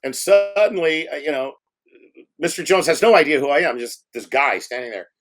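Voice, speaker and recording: A man's voice: fairly high pitch, normal speed, fairly bright tone. A man around sixty, a film director telling anecdotes in a casual interview, laughing often and swearing freely.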